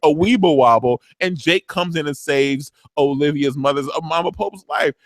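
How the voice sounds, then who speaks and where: A man's voice: fairly high pitch, normal speed, no echo. A man hosting a show, chatting casually and retelling scenes playfully. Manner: animated, playful storyteller. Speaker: show host. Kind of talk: casual recap chat.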